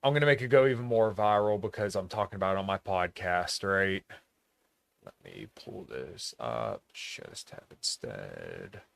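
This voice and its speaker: A man's voice: sits low, expressive, normal speed, vocal fry, dry recording. A man from rural Pennsylvania hosting a podcast in a blunt, profane, casual monologue, laughing often. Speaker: podcast host.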